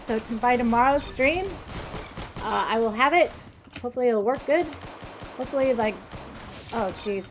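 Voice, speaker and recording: Excitable woman streaming a shooter game. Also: on the high side, normal speed, a little hiss or hum. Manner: excitable, chatty, bursts of exclamations. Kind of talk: casual gameplay commentary. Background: clear music and game gunfire.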